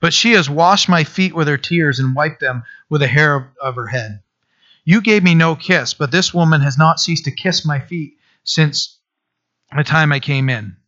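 A man preaching a conversational sermon to his church, reading scripture and explaining it with restarts and animated asides. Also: fairly high pitch, moderate pace. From Maine. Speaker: pastor. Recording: dull lo-fi sound.

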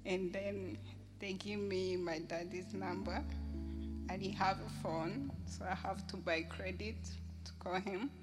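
Slow, halting woman sharing a testimony. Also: medium pitch, steady tone, over music. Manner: halting, with small laughs. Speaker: church member giving testimony. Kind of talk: personal testimony. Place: church service.

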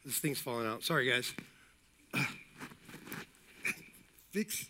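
A middle-aged man preaching a sermon as pastor, energetic and repetitive, with jokey asides and calls of amen. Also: medium pitch, slow, slight background noise.

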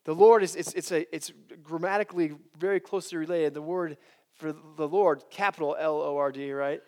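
High-voiced man preaching animatedly. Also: normal speed. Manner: animated, restarts often, asks rhetorical "right?". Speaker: campus preacher. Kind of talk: sermon to college students.

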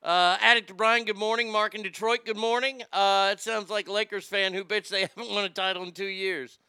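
A man hosting a casual morning live stream, reading out chat messages with loud, animated swearing. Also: high voice, fairly quick, smooth, no room sound, studio quality.

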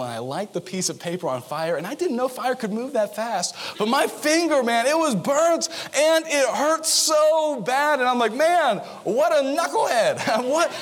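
A young adult male pastor giving a sermon, telling lively stories with playful asides and quick shifts into character voices. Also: high-pitched.

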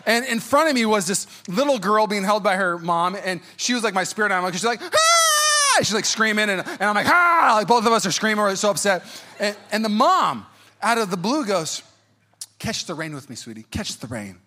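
A man in his thirties preaches with a high, bright voice that is full of energy. He tells stories about his own life, jokes with the congregation and slips into exaggerated voices to act out what people said. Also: fast. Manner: animated, jokey, acts out quotes in high-pitched voices. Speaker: pastor. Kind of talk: sermon with personal storytelling.

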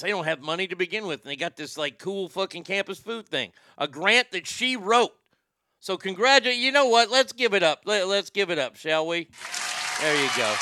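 Pushed, bright, and high-pitched, the voice comes from a man running a laid-back morning show. Between reading out messages from listeners, he goes off on profanity-heavy rants.

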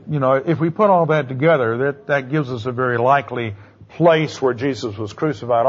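A man's voice: mid-range voice, highs cut off. A man giving a classroom lecture in a conversational way, quizzing his students with questions as he goes.

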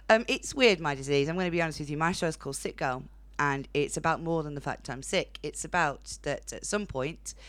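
A woman's voice: deep voice, a bit bright, a little hiss or hum. A young woman with a Northern English accent doing a blunt, chatty stand-up set on a comedy club stage, laughing at her own jokes. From Northern England.

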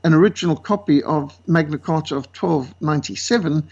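A man from South Africa with a South African accent, a guest speaker telling lively stories and acting out the voices of the people in them. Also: a little high, fairly quick, gravelly, husky. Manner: lively, acts out quoted voices. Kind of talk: animated storytelling. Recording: dull lo-fi sound.

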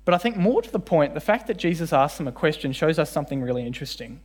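A man preaching a sermon in church, animated and often acting out the voices in his stories. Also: fairly high pitch, quick pace. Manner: animated, acts out voices in quoted dialogue. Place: church service with congregation.

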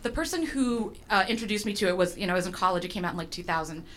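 A woman's voice: mid-range voice, lively intonation, rapid-fire, fairly bright tone, a little hiss or hum. A woman telling a personal story to an audience, chatty and self-deprecating, with lots of fillers and restarts.

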